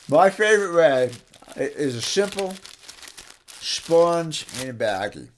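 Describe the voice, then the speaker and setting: A man's voice: fairly high pitch, very animated, slow, a little hiss or hum. A man in a guitar workshop giving a casual, folksy how-to demonstration, chatting along and correcting himself as he goes. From New Mexico, US. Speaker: guitar repair teacher.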